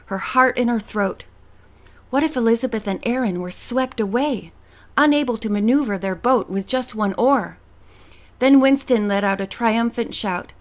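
A woman reading a teen novel aloud as an audiobook narrator, steady and expressive. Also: medium pitch.

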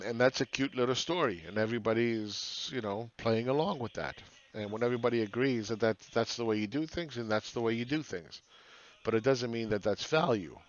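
A man's voice: medium pitch, dry recording, dull audio. Blunt, profane man musing on markets. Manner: blunt, profane, rhetorical questions. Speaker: market analyst host. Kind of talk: casual monologue.

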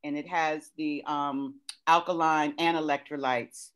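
A woman on a video call sharing a tip in a soft-spoken, relaxed way. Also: low voice, a little slow, smooth. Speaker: caller on a group call.

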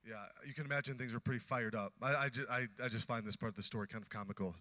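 Male pastor, bright and animated, acts out characters mid-sermon. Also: mid-range voice, rapid-fire.

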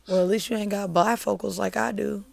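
A woman with a cold and a hoarse voice, chatting casually on a live stream and giving homespun advice. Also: medium pitch, fairly even intonation, fairly quick, darkish tone.

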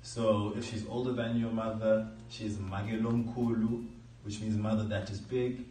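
A man explaining words in a flat, measured way. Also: fairly low pitch. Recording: roomy, distant mic, faint music.

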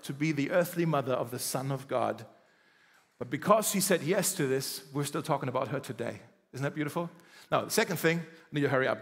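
High-voiced chatty male pastor. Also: long reverb tail. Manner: conversational, animated, with quoted dialogue. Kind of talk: sermon. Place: church.

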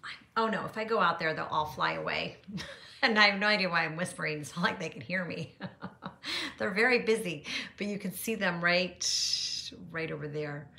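A woman's voice: lowish voice, moderate pace, creaky, bright, forceful tone. A middle-aged woman hosting a casual live-stream chat from her home art studio on her phone, bubbly and chatty, greeting viewers by name and laughing often. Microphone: phone camera. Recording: echoey room.

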